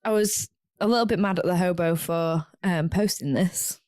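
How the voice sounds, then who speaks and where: A woman's voice: on the low side, moderate pace, a little mellow, no room sound. Young woman, blunt and sweary podcast co-host, dry close mic. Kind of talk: casual chat.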